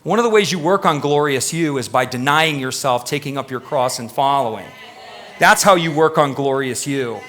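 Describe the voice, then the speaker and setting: A man's voice: on the high side, a bit bright. A man preaching a live sermon in a church, talking emphatically and questioning the congregation directly. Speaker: pastor.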